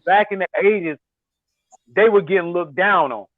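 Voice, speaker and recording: A man's voice: sits high, normal speed. A man arguing in a casual group debate, insisting and cutting in often. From Miami. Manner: insistent, keeps cutting in with "bro" and "Zoe". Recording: phone-like tinny line.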